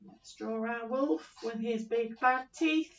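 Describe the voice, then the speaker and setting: Woman teacher for young children: slow, encouraging, sing-song, heard from off-mic on a dull recording. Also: on the high side, recorded from a distance. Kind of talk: early-years phonics lesson.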